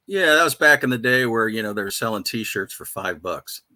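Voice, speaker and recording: A man's voice: on the low side, lively intonation, normal speed, bright, forceful tone. A man, a veteran radio DJ, casually telling rambling, self-deprecating stories in a studio interview. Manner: rambling, self-deprecating anecdotes with many fillers. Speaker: radio DJ guest.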